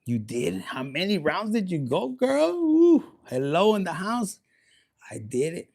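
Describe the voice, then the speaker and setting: A man giving a casual livestream tarot reading, profane and animated, dropping into Spanish slang. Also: high voice, a little slow, gravelly, husky. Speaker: tarot reader.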